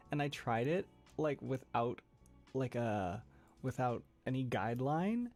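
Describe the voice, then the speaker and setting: On his livestream, a male streamer rambles and laughs frequently, his talk peppered with fillers and restarts, recorded close to the microphone. The delivery is animated but a little slow, with a medium pitch and a slightly mellow quality over faint background music.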